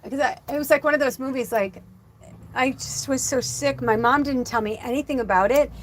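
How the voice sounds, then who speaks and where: A woman's voice: high voice, brisk, slight background noise. A middle-aged woman, a psychic medium, telling a story casually on a livestream in a rambling way full of fillers, near tears. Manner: rambling, heavy use of "like" fillers; emotional, close to tears.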